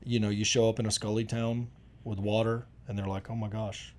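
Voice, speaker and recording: Low-voiced man telling stories. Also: flat delivery, fairly quick, a little mellow, slight background noise. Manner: folksy rambling storyteller, many restarts. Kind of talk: casual conversation.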